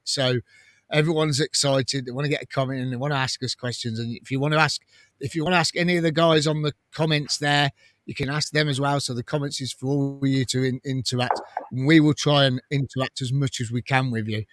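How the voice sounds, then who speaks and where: A man's voice: medium pitch, a bit bright, no echo. A man hosting a casual live fan stream, reading viewer comments aloud in a chatty way and laughing often. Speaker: fan channel host.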